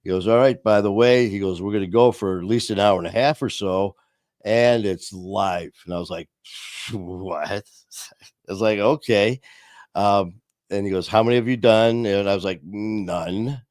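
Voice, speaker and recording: Talking over a video call via streaming software, this male podcast host tells loose, off-the-cuff stories peppered with restarts and chuckles. He speaks briskly in a fairly low, steady, slightly mellow voice, and the studio-quality audio has no echo.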